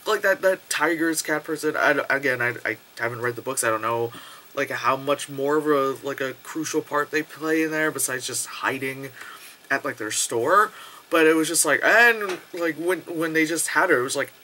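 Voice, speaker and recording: A man giving a casual spoken movie review into a nearby camera, rambling, swearing and excitable, with lots of fillers. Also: mid-range voice, moderate pace, slight background noise. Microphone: camera close to the face.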